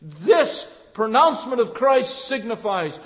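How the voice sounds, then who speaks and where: An older man preaching a sermon with passion, swinging from hushed tones to shouts. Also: extremely high pitch, very animated, measured pace, in a large hall.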